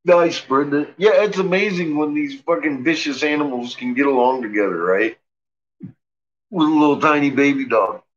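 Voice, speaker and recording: In dull, lo-fi home video from his basement, a dog owner narrates his pets with profane amusement, speaking their thoughts for them. He talks at a moderate pace in a fairly high voice.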